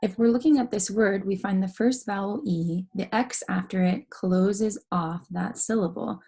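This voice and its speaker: Husky, gravelly woman teaching phonics. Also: medium pitch, steady tone, dark tone. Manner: slow, careful, explaining step by step. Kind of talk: phonics lesson for young students.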